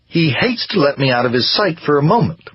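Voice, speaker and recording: A man's voice: a little high, very animated, a little fast, slightly rough, no room sound, highs cut off, pitched above the performer's own voice. A man voicing a thin, cheerful wife whose sweet manner hides bitterness, in a read-aloud story. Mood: sweetly cheerful. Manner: sweetly cheerful, gently pushy.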